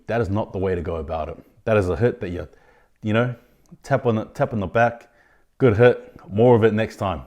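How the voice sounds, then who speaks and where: A man hosting his own rugby league podcast, giving indignant opinions in a ranting style, with sudden loud outbursts of disbelief. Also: fairly low pitch. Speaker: podcast host. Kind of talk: opinionated sports commentary.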